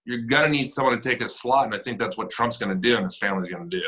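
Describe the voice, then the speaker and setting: A man from the northern United States talks as a guest in a casual podcast chat. His voice is bright and forceful at a middle pitch, and he acts out quoted conversations in an animated way while he tells stories. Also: racing, poor audio. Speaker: podcast guest, military servicemember and actor.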